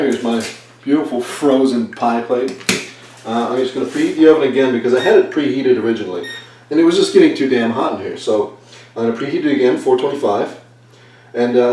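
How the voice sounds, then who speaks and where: A home cook with a fairly quick, mid-range voice and dark tone films himself baking in his kitchen, with a little hiss or hum in the audio. He chats and rambles as he works, poking fun at himself. The sound is echoey, picked up by a distant camera mic.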